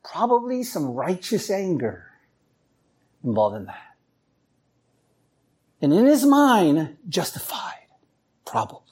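A man's voice: high-pitched, slow pace, long pauses, breathy edge. A man preaching a sermon, telling stories and acting out voices as he goes. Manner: animated storytelling, acts out voices. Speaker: pastor.

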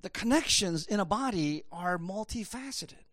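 A man's voice: high-pitched, expressive, moderate pace, fairly bright tone, no room sound. A man preaching a conversational sermon, rambling with many fillers. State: choked up, emotional. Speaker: pastor.

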